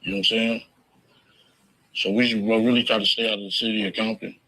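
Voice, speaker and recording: A man's voice: lowish voice, flat delivery, brisk, sharp tone, rough recording. A man interviewed in a recording, telling stories casually in profane, slangy language. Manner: laid-back, profane, slangy. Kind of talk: casual storytelling.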